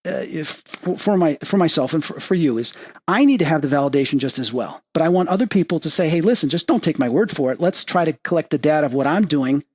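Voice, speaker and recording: Man, podcast host, medium, excitable storyteller, somewhat high-pitched. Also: quick pace. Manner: excitable, rising pitch when quoting and emphasizing. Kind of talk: animated storytelling in casual interview.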